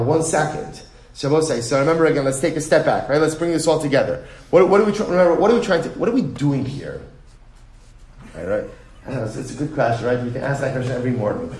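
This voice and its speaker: A man teaching a Talmud class, often asking a question and then answering it himself. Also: fairly high pitch. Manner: animated, asks and answers his own questions. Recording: echoey room.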